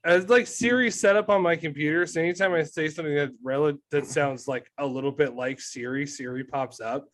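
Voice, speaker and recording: A man's voice: fairly high pitch, brisk, few pauses, fairly bright tone. A man co-hosting a podcast, chatting loosely with many fillers. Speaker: podcast co-host. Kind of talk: casual chat.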